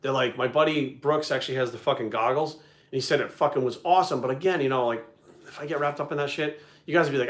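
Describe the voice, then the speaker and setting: A man telling a story in casual chat, animated and full of swearing. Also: mid-range voice, quick pace. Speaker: video creator and host. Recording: echoey room.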